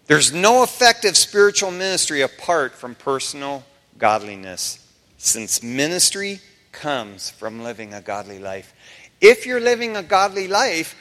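A man preaching a sermon in a church, telling stories casually and acting out quotes with humor. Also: high voice. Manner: animated, casual storytelling with humor and acted-out quotes. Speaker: pastor. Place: church sanctuary. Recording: preached in a reverberant church hall.

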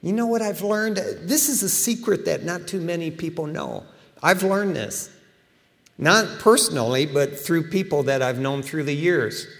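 A middle-aged man preaching a sermon in a casual, animated storytelling way, acting out quotes. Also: a little high, a little slow, in a large hall. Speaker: pastor.

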